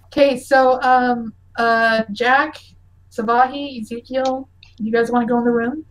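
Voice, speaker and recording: A young woman narrating a tabletop game as game master, lively and giggly. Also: fairly high pitch, measured pace, low-quality recording. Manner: lively and giggly, many fillers.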